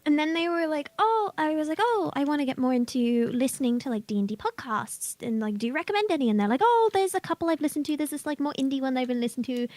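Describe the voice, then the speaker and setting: A woman guest chatting casually, telling animated stories, acting out quotes and laughing a lot. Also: high voice, fast, hardly any pauses, dry recording. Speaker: guest, voice actor. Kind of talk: casual chat.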